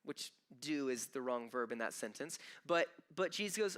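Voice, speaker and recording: In a church auditorium, a pastor preaches to the congregation in a bright, forceful, smooth and crisp voice pitched a little high for a man. He speaks conversationally and quickly, with hardly any pauses and emphatic repeated starts.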